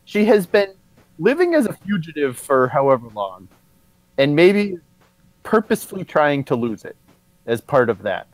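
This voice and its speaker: A blunt, opinionated man talking on a podcast. His voice sits high and moves a great deal. The sound is dry. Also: sing-song, normal speed, no echo, poor audio. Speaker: guest. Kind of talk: casual chat.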